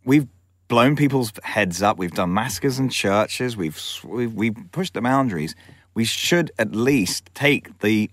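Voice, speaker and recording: A man, a film director, telling frank, animated anecdotes in an interview and acting out other people's voices. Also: lowish voice, measured pace, no room sound. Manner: lively storyteller who acts out the voices of others; frank, with swearing and self-corrections.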